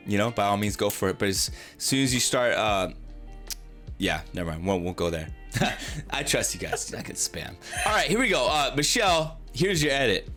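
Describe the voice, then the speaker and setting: A man's voice: on the low side, sing-song, moderate pace, pushed and bright, soft background music. A man hosting a casual livestream interview, rambling and chatty, acting out quotes and talking to his chat. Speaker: livestream host.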